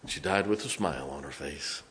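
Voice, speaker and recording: Male pastor, very low voice, folksy sermon stories, faint room hiss. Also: brisk. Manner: folksy, swings from loud to hushed. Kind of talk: storytelling sermon. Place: church sanctuary.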